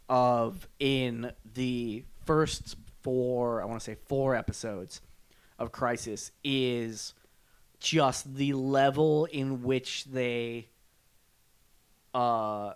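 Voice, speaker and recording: Man, podcast co-host, casual chat, smooth clear voice, rambling with fillers. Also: medium pitch. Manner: rambling, self-correcting, many fillers.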